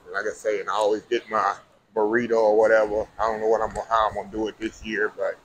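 A middle-aged man with a drawl talks to his viewers in a relaxed, chatty way, calling them y'all. His voice sits low. He films himself on a handheld camera aboard a cruise ship, with faint background noise. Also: quick pace, low-quality recording. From Texas. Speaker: food vlogger. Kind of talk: casual vlog narration.

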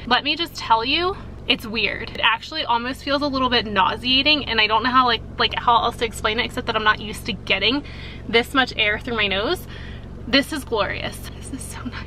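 A woman's voice: a little high, fairly quick, pushed and bright, slight background noise, low-quality recording. A young woman teacher chatting casually to camera for her vlog, upbeat and self-mocking, her nose sore and stuffy after surgery. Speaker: teacher and vlogger.

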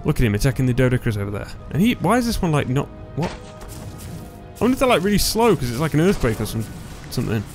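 A gaming YouTuber gives let's play commentary on his own gameplay, excitable and yelling when he dies in the game, his voice going hoarse. He has a mid-range voice and talks fast. The close headset or desk mic is loud, with faint background music.

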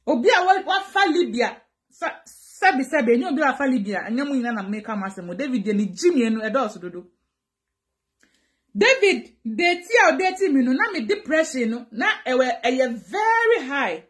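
A woman whose voice sits high speaks with a Ghanaian accent while live streaming. She answers comments from viewers theatrically and energetically, switching back and forth between two languages.

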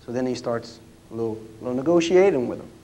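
A man's voice: medium pitch, expressive, fast talker, mellow, muffled recording. A man, a historian telling anecdotes in a lecture, in a folksy way with frequent restarts. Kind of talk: storytelling lecture. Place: lecture room at a history roundtable.

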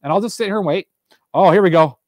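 A man giving a livestreamed devotional fireside talk from a room, earnest and animated, repeating his questions, stumbling over words and reading viewer answers aloud. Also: sits high, fast talker, dry recording, studio quality. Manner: reads viewer answers aloud from a live chat. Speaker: fireside speaker. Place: indoors room, alone.

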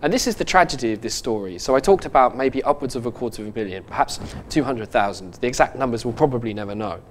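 A man hosting a podcast, telling a story in a halting, earnest way with many restarts and fillers. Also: mid-range voice, animated, slight background noise. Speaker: podcast host. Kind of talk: casual podcast chat.

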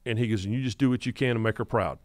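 Male, 50s, North Carolina Southern accent, animated podcast storyteller, dry studio sound. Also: mid-range voice, rapid-fire, dry recording. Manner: animated storyteller who acts out quotes. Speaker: guest podcast host.

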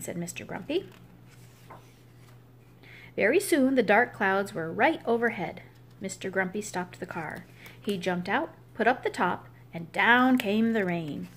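A woman reading a children's picture book aloud, expressive and giving the characters their own voices. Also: a little high, moderate pace. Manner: expressive, gives each animal its own voice. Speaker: storybook reader.

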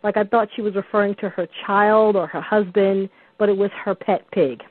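A woman's voice: mid-range voice, steady tone, moderate pace, no room sound. A woman calling into a radio show, chatty and storytelling, over a dry, tinny phone line. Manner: chatty, lots of ums and restarts, storytelling. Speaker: caller. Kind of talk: call-in radio talk.

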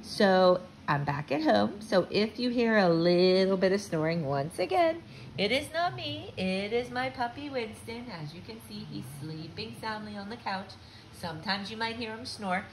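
A fourth-grade teacher reads a children's novel aloud from her living room in a very animated, up-and-down voice. Her pitch sits in the middle for a woman, and a faint hum of home ambience stays behind her. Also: moderate pace, low-quality recording. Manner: warm teacherly read-aloud, lively. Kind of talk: reading a children's book aloud.

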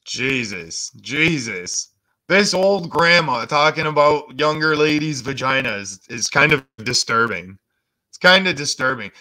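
A man's voice: medium pitch, lively intonation, measured pace, sharp tone. A man hosting a reaction video, making crude, mocking asides about the clips. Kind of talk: casual reaction commentary.

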